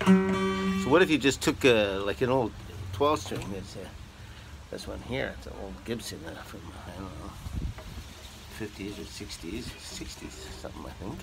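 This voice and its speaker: A man's voice: on the low side, animated, normal speed, gravelly, low-quality recording. A man musician chatting casually on a porch between songs, rambling in a folksy way with lots of fillers. He is recorded on a phone. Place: porch, outdoors. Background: loud acoustic guitar playing.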